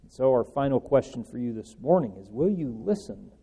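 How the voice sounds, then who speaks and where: A man preaching an earnest sermon, pressing certain words and letting his phrase endings trail off softly. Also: medium pitch, very animated, brisk, vocal fry, breathy edge. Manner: earnest, rising and falling emphasis with soft trailing endings. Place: church hall. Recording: long church reverb.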